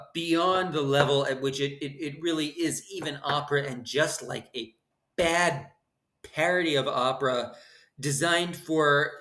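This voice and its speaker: A man's voice: a little high, fairly bright tone. A man in his thirties hosting his channel and giving a snarky, profane opera summary, full of hesitant fillers and blunt put-downs. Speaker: channel host. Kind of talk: opinionated opera summary monologue.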